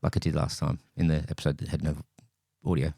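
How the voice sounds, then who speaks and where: Rumbling low and gravelly yet warm, this man's voice stays level while he speaks fast. As a podcast co-host, he gives a casual, wry review of a bad movie, rambling and repeatedly correcting himself. It's a clean studio recording without echo.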